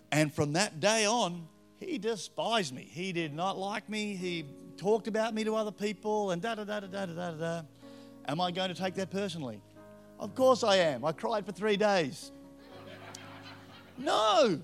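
A middle-aged man with an Australian accent preaching a story-filled sermon, swinging between loud punches and hushed asides. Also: sits high, lively intonation, moderate pace. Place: church with live band. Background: faint music from a band.

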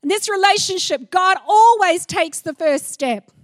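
A middle-aged woman preaching a sermon, animated and playful, acting out little scenes as she goes. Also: very high-pitched, unhurried, dry recording, clean studio sound.

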